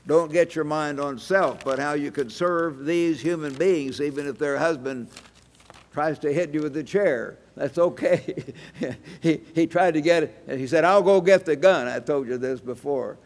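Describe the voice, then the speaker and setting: Preaching in a reverberant hall, a church evangelist in his 80s tells homespun stories with chuckles. He speaks unhurriedly in a fairly high, darkish-toned voice.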